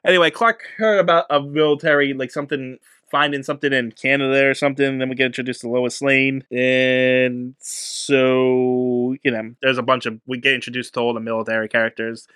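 Bright-voiced man chatting about a film. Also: mid-range voice, flat delivery, brisk, hardly any pauses, clear, resonant tone, dry recording, clean studio sound. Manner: defensive, hedging, many restarts. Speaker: podcast co-host. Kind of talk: casual movie review chat.

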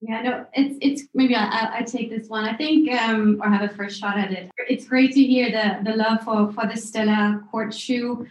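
A woman's voice: fairly high pitch, fairly even intonation, moderate pace, few pauses, dull audio. A woman guest on a video call, talking business with many hesitations and restarts. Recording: roomy echo.

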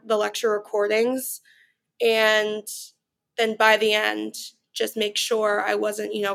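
A woman's voice: medium pitch, creaky, fairly bright tone. A young woman in her twenties answering interview questions in a chatty, casual way, often saying "you know" and "like". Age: 20s. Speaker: study-abroad student guest.

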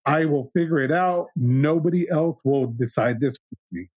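A man's voice: on the high side, moderate pace, darkish tone, no echo, dull audio. A young man talking through a personal story in a casual conversation, reflective, with restarts and retold dialogue.

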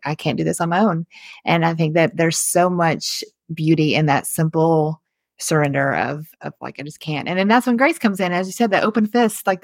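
Chatty young woman host, low-pitched and dry. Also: no room sound. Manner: eager, chatty, with fillers and laughs. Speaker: podcast host. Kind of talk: casual chat interview.

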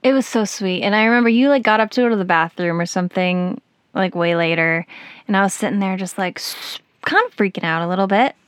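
A woman hosting a podcast, telling a personal story in casual chat, animated and giggly with lots of fillers. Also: mid-range voice, fast talker, clean tone, no echo, clean studio sound. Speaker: podcast host.

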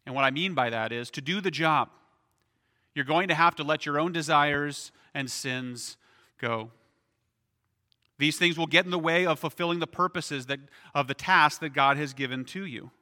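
A man's voice: fairly high pitch, moderate pace, bright, forceful tone, in a large hall. A man preaching a sermon as pastor, in a conversational way, often asking "right?".

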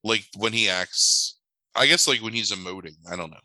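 A man telling stories in casual chat, animated, swearing now and then and acting out the voices of people in his anecdotes. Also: lowish voice, normal speed, dry recording, poor audio.

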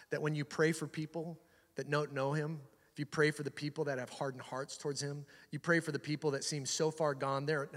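A man's voice: fairly high pitch, big-room sound. A male pastor preaching a sermon on a church stage, telling Bible stories with animation and urging the congregation in an earnest voice. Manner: animated storytelling that drops to soft, earnest exhortation.

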